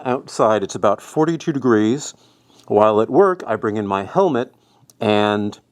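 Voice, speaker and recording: A man's voice: medium pitch, darkish tone. A man casually reviewing a helmet he is wearing, loose and rambling, chewing gum with his face squeezed. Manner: rambling, loose and chatty with fillers. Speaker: product reviewer. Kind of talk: casual product review vlog. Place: indoors, cold day with rain outside.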